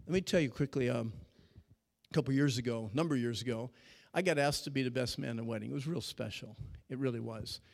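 Fiery preacher in an echoing hall. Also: male voice, medium pitch, fast talker, gravelly. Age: middle-aged. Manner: dramatic, swings between shouting and hushed storytelling. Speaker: youth speaker. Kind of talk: animated sermon. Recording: long reverb of a large hall.

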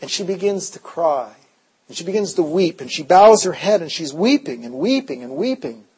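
A man preaching a sermon as pastor, telling stories, sometimes shouting and sometimes dropping to a hush. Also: a little high, expressive, moderate pace, breathy edge, rough recording. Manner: storytelling, shifts from shouting to hushed.

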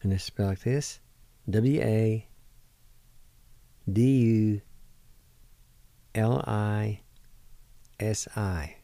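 A middle-aged man hosting a language lesson, spelling words letter by letter and repeating each one slowly. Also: on the low side, steady tone, gravelly, dark tone, no echo. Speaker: radio host teaching words. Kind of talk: slow word-by-word language lesson.

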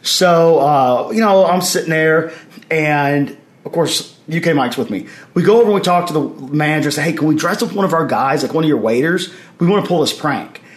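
A man's voice: a little high, moderate pace. A man with a slightly raised voice tells stories as a podcast guest. He speaks with energy, breaks into the voices of the people in his anecdotes and laughs as he goes. The room leaves a noticeable echo on his voice. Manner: animated anecdotes, acts out others' lines, laughs while telling. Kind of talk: storytelling in casual conversation. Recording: roomy echo.

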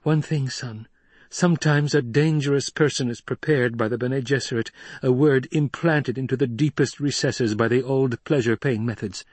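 A man voicing a shrewd noble mother who urges her son in a low, earnest voice, with a husky tone. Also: fairly even intonation, normal speed, no room sound, natural voice. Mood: urgent hush. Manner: urgent, low and pleading.

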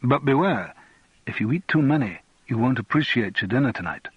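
A man playing a relaxed, clubbable young politician who teases easily. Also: medium pitch, brisk, breathy edge, no echo, muffled recording. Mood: teasing. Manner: relaxed, teasing.

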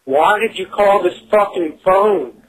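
High-pitched, swearing, hostile man. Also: measured pace, low-quality recording.

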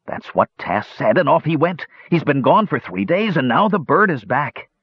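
A man's voice: on the high side, big pitch swings, moderate pace, breathy edge, pitched above the performer's own voice. A man voicing an earnest, brawny young warrior who talks in an insistent way. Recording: dull lo-fi recording.

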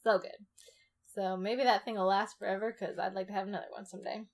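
A woman's voice: medium pitch, steady tone, fast talker. A woman co-hosting a podcast in casual chat, bubbly and chatty with lots of filler words. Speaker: podcast co-host.

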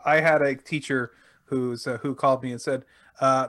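A man's voice: mid-range voice, fairly even intonation, fairly bright tone. A man co-hosting a tech podcast in casual, joking chat, telling stories and laughing easily. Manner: enthusiastic, joking, quick to laugh. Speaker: podcast co-host.

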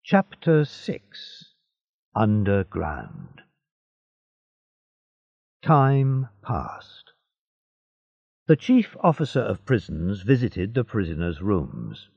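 A man reading a simplified story aloud for learners in a slow, deliberate, expressive way. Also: on the low side, vocal fry, slightly rough, dry recording, lo-fi sound. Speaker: narrator. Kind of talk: scripted narration for learners.

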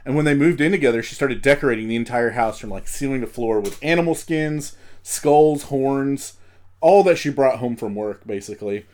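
A man's voice: medium pitch, normal speed. Laid-back, swearing podcast co-host man. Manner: relaxed, profane recounting with fillers. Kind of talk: casual comedic chat.

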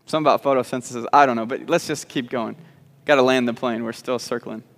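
A man's voice: medium pitch, fairly even intonation, quick pace, fairly bright tone, long reverb tail. A man preaching a sermon, repeating words as he starts sentences and slipping in joking asides. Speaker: pastor. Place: church sanctuary.

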